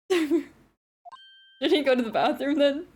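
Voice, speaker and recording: A woman's voice: sits high, slow pace. Giggly, joking woman streaming a game. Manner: giggly, joking, swearing asides. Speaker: streamer reading a visual novel aloud. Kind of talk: casual live-stream chat. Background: faint game music.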